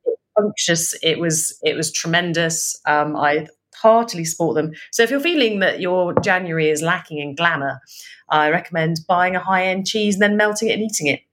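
A woman chats on a podcast, telling stories with animated energy and quick laughs. Her voice sits a little low for a woman. She talks casually and freely. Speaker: podcast co-host.

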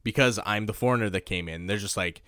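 A man from Canada telling a story in casual podcast chat, laid-back, trailing off quietly at times. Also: on the low side, quick pace, clean tone, no echo, clean studio sound. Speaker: podcast co-host.

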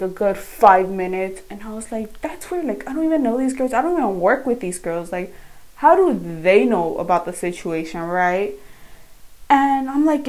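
A woman's voice: medium pitch, rough recording. A young woman telling a story in a casual vlog, chatty and rambling with lots of fillers. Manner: quieter at times while doing makeup. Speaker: vlogger.

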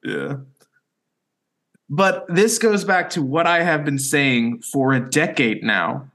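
A man's voice: on the high side, slow. Joking young man on a podcast. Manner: joking, deadpan jabs, laughs often. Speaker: podcast co-host. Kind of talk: casual chat.

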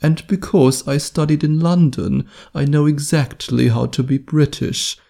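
Brief: German man doing a hammy posh British gent, pitched up, gravelly undertone. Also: steady tone, measured pace, dark tone. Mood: mock-posh. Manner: mock-posh, self-mocking. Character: adult man faking a posh British accent.

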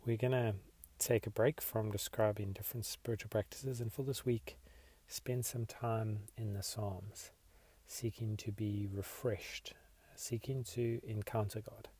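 A man hosting a podcast, leading listeners in a slow, reflective devotional meditation. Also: lowish voice, little pitch movement, husky. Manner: slow, reflective, soft-spoken. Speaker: podcast host.

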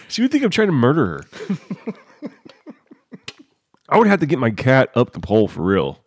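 A man's voice: medium pitch, huge pitch swings, moderate pace, pauses often, slightly rough, dry recording. A man in casual comedic chat, joking and laughing often as he acts out silly scenarios.

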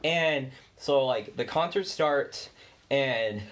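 A young man co-hosting a casual podcast, spinning a long rambling story. His voice sits at an ordinary middle pitch. He fills every gap with "like" and drops swear words freely. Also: lively intonation, slow pace, fairly bright tone. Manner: rambling, heavy use of "like", swearing. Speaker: podcast co-host.

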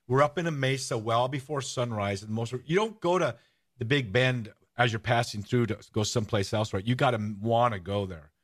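A man hosting a podcast and telling a story with enthusiasm in casual chat. He rambles, restarts often and gets excited. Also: medium pitch, fairly quick. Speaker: host.

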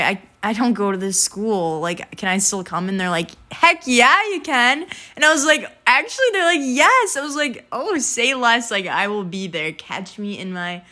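A woman in her twenties chatting casually in a vlog, bubbly and talkative, full of "like" and "literally", jumping up high when she quotes people. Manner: animated, jumps high when quoting people. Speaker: vlogger.

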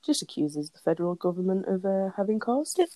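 A woman's voice: medium pitch, sing-song, a little fast, warm tone, no echo. A woman co-hosting a podcast in casual chat, laughing often as she tells the story. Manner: giggly, laughs often between lines. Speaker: podcast co-host.

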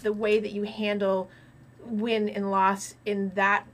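A woman's voice: mid-range voice, flat delivery, slow. A woman hosting a casual interview, chatty and affirming, adding her own views between the guest's stories. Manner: chatty, affirming, laughs along. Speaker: host.

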